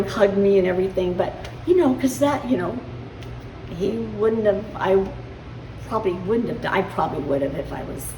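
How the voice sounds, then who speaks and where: Woman in her 70s, veteran interview, halting storytelling, roomy sound, background noise. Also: medium pitch, warm tone. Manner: halting storytelling with many fillers. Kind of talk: recounting memories in an interview. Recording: roomy, distant mic, ambient noise.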